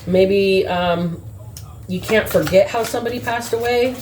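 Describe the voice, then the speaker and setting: A woman's voice: mid-range voice, noisy background. A woman doing a casual spiritual reading who muses aloud and spells words out letter by letter. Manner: musing, spells out letters slowly. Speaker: spiritual reader. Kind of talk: casual word-game reading.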